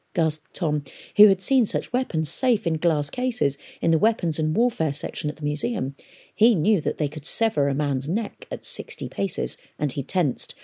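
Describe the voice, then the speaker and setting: Woman, audiobook narration, warm dark tone, expressive. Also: sits low, slightly rough. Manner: measured, expressive storytelling.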